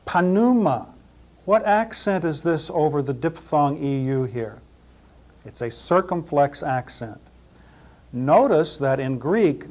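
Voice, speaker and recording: A man gives a pronunciation lesson at a painfully slow pace, leaving long pauses between words. His voice sits a little high for a man, and he repeats each term patiently and spells it out letter by letter. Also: darkish tone. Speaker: Greek teacher.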